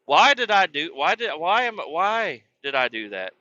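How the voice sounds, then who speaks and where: A man telling crude, excitable stories on his podcast, acting out both sides of arguments. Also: sits high, unhurried, lo-fi sound. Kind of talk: casual storytelling.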